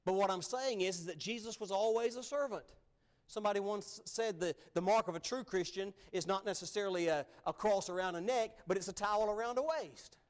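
A male pastor preaching with animated emphasis, his voice sitting on the higher side for a man. He brings real energy to the telling. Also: fairly quick. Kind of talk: sermon.

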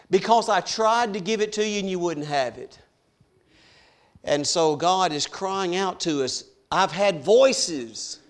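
A man preaching a sermon, swinging from hushed to loud and slowing down on key words. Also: sits high. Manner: dramatic swings from soft to loud, slows for emphasis.

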